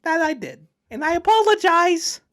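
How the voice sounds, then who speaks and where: A man's voice: very high-pitched, sing-song, moderate pace, sharp tone, heavily acted. A man voicing a blunt, bossy older woman past menopause in an improvised comedy role-play. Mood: defensive. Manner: blunt, matter-of-fact, brassy.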